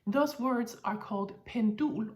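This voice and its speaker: A woman's voice: on the high side, measured pace, a little mellow, highs cut off. A woman with a Danish accent explains words patiently, as a teacher giving an online language lesson. Her tone is friendly and she often slips in a light laugh as she talks.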